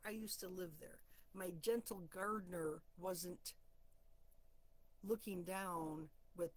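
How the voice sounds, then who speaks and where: A middle-aged woman with a slightly husky voice, chatting casually on a live stream. She talks in a lively, encouraging way and slips easily into telling stories. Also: mid-range voice, low-quality recording. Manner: chatty and animated, storytelling. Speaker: host of a spiritual card-draw live stream. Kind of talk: casual motivational talk.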